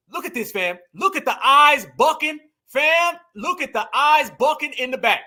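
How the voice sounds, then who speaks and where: High bright-voiced male commentator. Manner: emphatic, repetitive, addresses viewers as family. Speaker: political commentator. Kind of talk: reaction commentary on video clips.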